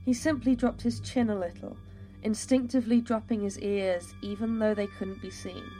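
A woman narrating a fantasy story in a steady, measured storytelling voice. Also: medium pitch, faint music behind.

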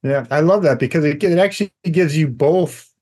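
A man co-hosting a faith podcast, talking in a relaxed, emphatic way and laughing often. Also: on the high side, normal speed, breathy edge. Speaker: podcast co-host. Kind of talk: casual faith discussion.

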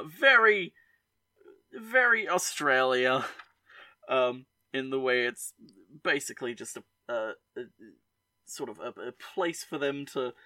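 A man co-hosting a podcast, talking in a rambling, halting way with lots of fillers. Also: medium pitch, pushed and bright, no echo. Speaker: podcast co-host. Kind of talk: casual podcast chat.

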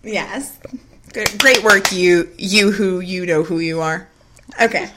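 A woman's voice: on the low side, takes it slowly, noisy background. A woman in her late twenties or thirties co-hosting a podcast, chatting casually and animatedly, swearing freely and acting out quotes. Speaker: podcast co-host.

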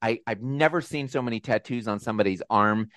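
A man hosting a video call with supporters, telling a personal story in a casual, animated, self-deprecating way. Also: fairly low pitch, a little fast, no echo, clean studio sound. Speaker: host. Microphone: video call mic.

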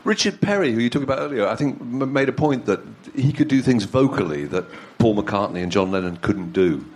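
A man interviewer with an animated, swooping voice asks long questions, pausing and restarting as he finds his words. His tone rises and falls a lot. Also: mid-range voice.

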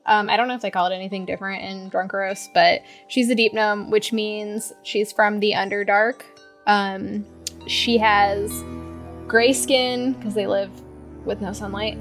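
A woman at an ordinary pitch, chatting loosely about her game character with plenty of ums. Music plays clearly behind her. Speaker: player. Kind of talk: casual character description. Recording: music playing underneath.

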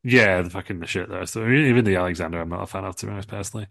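A man's voice: low-pitched, racing, gravelly, a bit bright, no echo. A man co-hosting a comedy podcast, telling a rambling made-up story with lots of ums, restarts and giggles. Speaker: podcast co-host.

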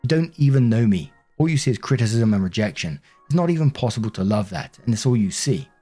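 Brief: man voicing a critical, accusing wife, dark husky read, relentless. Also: mid-range voice, animated, fast talker, soft background music. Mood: bitter accusing. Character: critical, accusing adult woman partner. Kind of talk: story reading.

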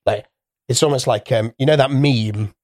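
A young man trades crude jokes in casual podcast banter, his mid-pitched voice recorded close and dry with no room sound. He acts out mock insults and throws in playful tangents. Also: moderate pace, darkish tone, dry recording. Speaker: podcast co-host.

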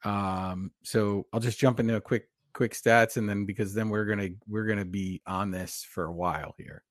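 A man co-hosting a casual podcast chat, talking quickly with fillers and easy laughs. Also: fairly low pitch, steady tone, dry recording, clean studio sound. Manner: chatty, talks fast with laughs and fillers. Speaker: podcast co-host.

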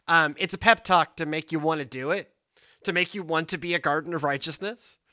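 A man's voice: fairly high pitch, a little fast, dry recording, studio quality. A man, a pastor, talking casually about scripture in a podcast, rambling and checking in with "right?". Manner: rambling, animated, lots of "right?".

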